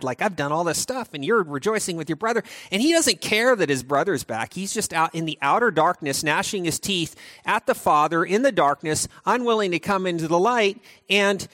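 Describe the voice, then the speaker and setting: Lively, high-voiced male preacher. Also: dry recording. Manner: animated, chatty preaching with frequent restarts. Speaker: pastor. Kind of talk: conversational sermon.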